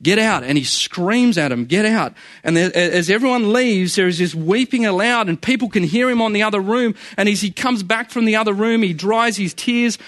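A man's voice: high voice, moderate pace, hardly any pauses, a bit bright, no echo. A man preaching a sermon in an earnest, conversational way, often repeating phrases for emphasis.

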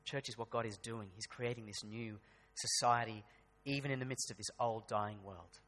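A man's voice: lowish voice, fairly even intonation, normal speed, fairly bright tone, big-room sound. A man preaching a sermon, talking conversationally and building to emphatic bursts. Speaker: pastor. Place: church hall.

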